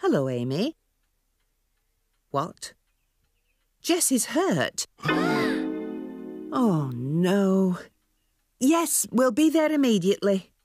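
A woman's voice: medium pitch, very animated, slow, long pauses. A woman voicing a caring, worried cartoon mother who fusses over her family, over faint music. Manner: fussing, concerned.

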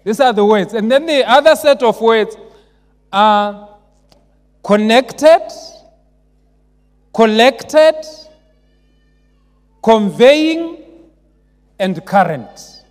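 Male pastor, very high voice, call-and-response sermon, long hall reverb. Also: animated, very slow, pauses often. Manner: call-and-response, rising to emphatic shouts. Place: large church.

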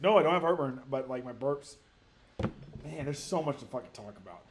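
A man in his thirties telling a story to a friend on a podcast, animated and profane, rambling with many restarts. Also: medium pitch, moderate pace, slight background noise. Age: 30s. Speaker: podcast co-host. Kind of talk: casual storytelling among friends.

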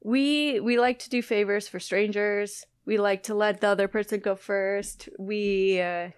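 A woman's voice: medium pitch, fairly even intonation, measured pace, smooth, dry recording, clean studio sound. A woman from the Midwest of the United States, a guest scientist chatting casually, often laughing and poking fun at herself. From Midwest US, Illinois-Wisconsin border. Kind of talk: casual conversation.

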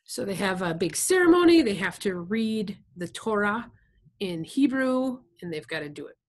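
A woman's voice: medium pitch, sing-song, moderate pace. A woman reading a novel aloud to listeners, stopping now and then to explain things in a chatty, plain way. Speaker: reader.

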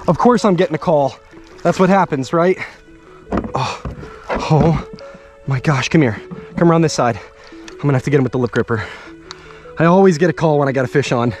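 A man's voice: medium pitch, normal speed, pauses often, faint music behind. A man filming himself fishing from a boat outdoors, exclaiming and laughing breathlessly as he lands a big fish. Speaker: fishing guide host. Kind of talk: excited outdoor fishing vlog. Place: small boat on a lagoon, outdoors.

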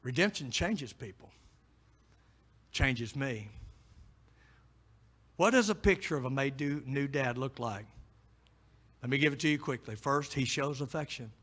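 A middle-aged pastor preaching a sermon, moving between quiet pleading and loud, emphatic preaching. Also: male voice, medium pitch, expressive, measured pace, pauses often.

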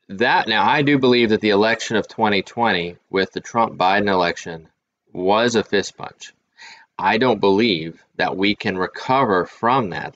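A man with a fairly low voice talks through his ideas as host of his own channel, often pausing and restarting mid-thought. The recording sounds muffled and lo-fi. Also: fairly bright tone. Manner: musing, thinking aloud with restarts. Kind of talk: casual commentary to camera.

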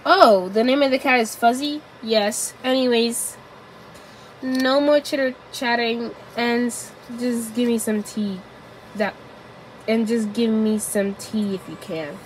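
A woman voicing a worried little lady in a storybook tale, speaking softly and hesitantly with many ums. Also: high-pitched, a little fast, hardly any pauses, slight background noise, close to an everyday voice, poor audio.

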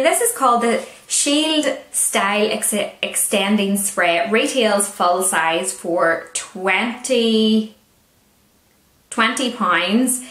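A woman with a Northern Irish accent from Northern Ireland reviews beauty products in a casual, chatty way, adding wry asides. Her mid-range voice has a fairly bright tone, and the recording has a roomy echo.

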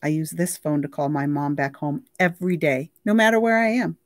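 A woman reading aloud, voicing a brisk, fussy, kindly crew woman who mothers a boy. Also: sits low, lively intonation, no echo, studio quality.

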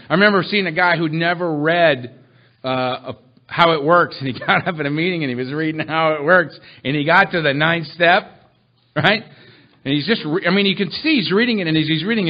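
A man's voice: a little high, fairly quick. Self-mocking man at a recovery meeting. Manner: self-mocking, animated, acts out quotes. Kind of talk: humorous storytelling talk. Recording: muffled lo-fi recording.

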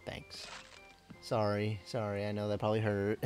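A man's voice: lowish voice, monotone, takes it slowly, faint music behind. A man giving casual, rambling commentary while he plays a game, often correcting himself and laughing at his own slips. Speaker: let's play gamer.

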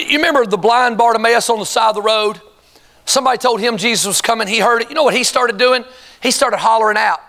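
A man's voice: sits high, a bit bright. A man preaching a sermon in a church, questioning the congregation and calling on them to answer back. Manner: asks the congregation rhetorical questions and calls for responses. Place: church sanctuary before a congregation.

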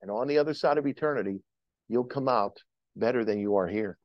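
A man's voice: medium pitch, fairly quick, dry recording. Man preaching a passionate sermon, muffled. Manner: impassioned preaching with rising calls to the congregation. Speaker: pastor. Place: church sanctuary.

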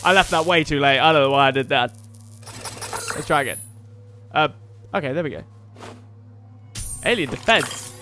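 A man giving goofy, swearing let's-play commentary, shouting during fights. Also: on the high side, normal speed, pauses often, soft background music. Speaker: gameplay commentator.

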